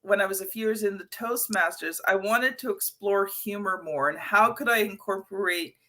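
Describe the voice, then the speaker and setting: A woman's voice: mid-range voice, moderate pace, pushed and bright. A middle-aged woman hosting a podcast interview, chatty and anecdotal with many fillers. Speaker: podcast host. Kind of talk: conversational interview.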